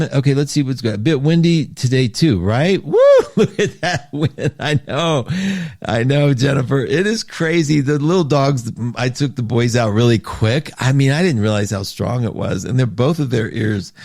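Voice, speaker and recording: A man hosting a casual astrology livestream. He reads listener comments aloud and answers them, and his talk swings between loud, laughing outbursts and soft asides. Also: mid-range voice, animated, normal speed, vocal fry, dry recording, studio quality. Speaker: astrology show host.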